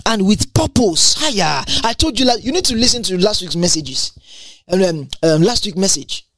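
A woman giving a Bible teaching sermon, reading verses aloud and explaining them in an animated, exclamatory way, often stumbling and repeating words. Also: medium pitch, moderate pace, no room sound.

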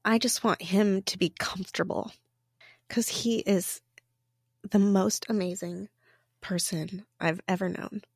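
A woman's voice: medium pitch, steady tone, a little slow, vocal fry, a little mellow, breathy edge, no echo. A woman speaks as a guest in a podcast interview, reflective and heartfelt. Her voice is recorded close and dry, with no room sound.

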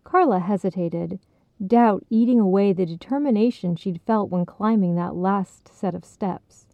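Soft-spoken female story narrator, mid pitch, dry tinny recording. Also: unhurried, no room sound. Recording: dry, tinny phone-like sound.

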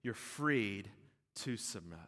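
A man preaching a sermon as pastor, conversational and animated, often checking in with "right?". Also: fairly low pitch, slow. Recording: echoey hall with long reverb.

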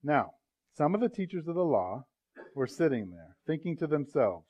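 A man preaching a sermon in a church, speaking a little high for a man. He keeps the talk loose and joking, with asides to the congregation. The recording sounds dull and muffled. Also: big pitch swings, normal speed. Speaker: pastor. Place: church sanctuary.

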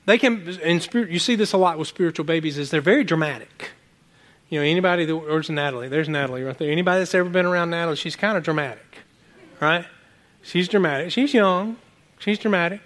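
A man preaching a sermon, telling animated stories from home with many restarts and asides to the congregation. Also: on the high side, fast. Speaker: pastor.

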